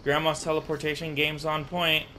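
In casual let's-play commentary, a young gaming streamer works through a horror game, chatting to viewers, startling easily, and muttering to himself. His voice is a little high, pushed, and bright, with flat delivery at a moderate pace and a slight hiss or hum in the audio.

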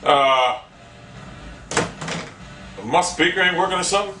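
A man giving live gameplay commentary, cursing and trash-talking opponents, often bursting into angry shouts. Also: high voice, measured pace, roomy sound, distant mic, over music.

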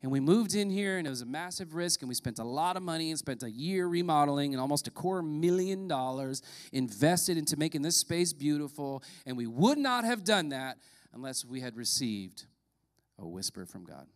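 A man's voice: a little high, lively intonation, a little fast. A middle-aged pastor, preaching in a casual, joking storytelling manner and laughing at his own lines. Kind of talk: sermon storytelling. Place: church sanctuary in a former movie theater.

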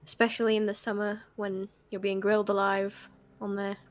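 A woman's voice: mid-range voice, little pitch movement, moderate pace. Chatty woman gaming with friends. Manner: chatty, explains at length. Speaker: gaming stream co-player. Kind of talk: casual chat while gaming.

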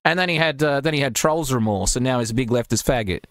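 A man's voice: medium pitch, fast, a bit bright, no echo. A man hosting a casual livestream chat, rambling and crude, often mocking people with put-on voices. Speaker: podcast host.

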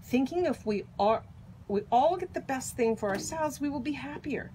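A woman voicing a gentle, unhurried panda. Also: high voice, animated, a little hiss or hum. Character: calm wise male giant panda.

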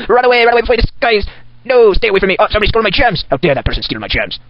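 Ranting and cackling as a deranged Santa, a gamer delivers manic in-character commentary in a high, expressive voice at a racing pace. It comes from a sped-up, dull, lo-fi desktop recording with no echo.

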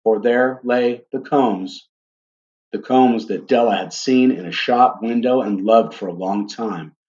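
A man reads a story aloud with a gentle, deliberate delivery. His voice sits at a middle pitch, and he turns to his listeners now and then. The recording sounds dull and lo-fi. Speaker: reader. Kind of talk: storybook reading.

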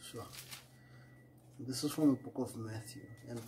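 Earnest male preacher, soft trailing phrases. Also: mid-range voice, fairly even intonation, unhurried, pauses often, slight background noise, low-quality recording. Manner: earnest and repetitive, often trailing off quietly at phrase ends; reads scripture aloud, correcting himself with small apologies. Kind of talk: short devotional sermon.

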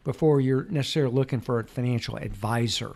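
A man's voice: medium pitch, fast talker, gravelly, a little mellow. A man, a wealth advisor, chatting as a podcast guest and telling stories from his own past. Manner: storytelling, acts out quotes. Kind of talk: casual podcast interview.

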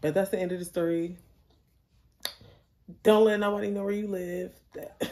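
A young adult woman telling a story in a casual, blunt, animated way, swearing freely. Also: mid-range voice, normal speed. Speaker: storyteller vlogger.

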